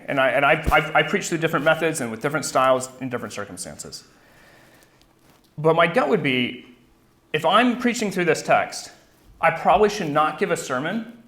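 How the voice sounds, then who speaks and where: A man with a slightly higher voice teaches Bible preaching at a conference in a casual, conversational way. He often repeats words as he thinks and keeps checking in with the room. The sound is roomy, with a noticeable echo. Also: a bit bright. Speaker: conference speaker, Bible professor.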